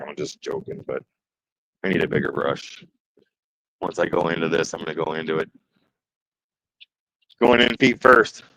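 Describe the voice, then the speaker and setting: A man's voice: deep voice, vocal fry, bright, forceful tone, dry recording, low-quality recording. Chatty Midwestern man on a livestream. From Detroit area, Michigan. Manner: chatty, joking, reads chat aloud, nervous exclamations. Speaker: woodworking livestream host. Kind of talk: casual live-stream chat.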